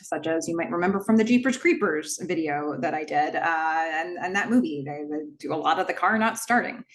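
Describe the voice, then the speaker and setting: A woman's voice: sits low, a little fast. A woman casually retelling a horror film scene by scene, dropping her voice to quote the characters' dialogue. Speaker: movie recap host. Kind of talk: casual film recap narration.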